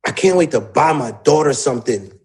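A man's voice: mid-range voice, animated, fairly quick, a little mellow. A man, a songwriter, in a casual interview, telling his story animatedly with plenty of slang and profanity.

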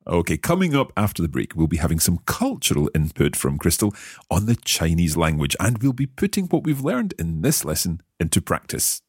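A man's voice: low-pitched, huge pitch swings, brisk, darkish tone, husky. A man hosting a language lesson podcast, curious and carefully repeating words after his teacher. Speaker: host and learner.

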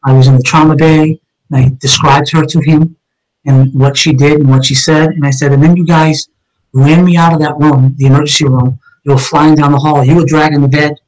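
A man's voice: a little high, level tone, a little fast, a little mellow, low-quality recording. A man as an interview guest, earnestly telling a personal story and acting out the quoted dialogue as he goes.

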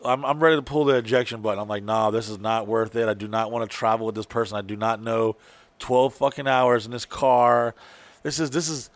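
A man spins a rambling, swear-filled story in loose casual chat, acting out his own lines as he goes. His voice sits at an ordinary middle pitch. The sound is dry and close, with no room around it. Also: no room sound.

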